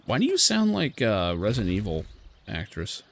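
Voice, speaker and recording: A man's voice: on the low side, huge pitch swings, normal speed, gravelly, a little hiss or hum. A man streaming a video game, chatting casually with swearing and reading game text aloud. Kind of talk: casual gameplay commentary. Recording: game music behind voice.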